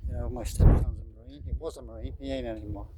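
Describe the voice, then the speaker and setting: A man's voice: mid-range voice, fairly even intonation, fast talker, very noisy. Rambling man in his sixties. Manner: rambling, with frequent fillers and restarts. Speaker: vlogger. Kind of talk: casual rambling commentary.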